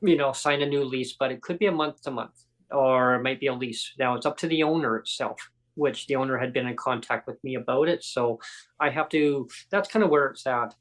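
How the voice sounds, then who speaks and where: The audio is rough as a man with a medium-pitched voice talks at a fairly brisk clip. Hosting an easygoing podcast chat, he narrates a story with gusto and plays out the quotes of everyone involved.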